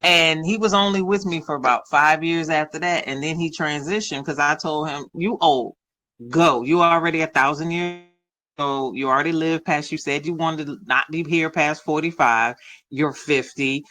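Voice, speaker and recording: A middle-aged woman telling a family story in casual chat, animated and profane, acting out quotes in changing voices. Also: low-pitched, normal speed.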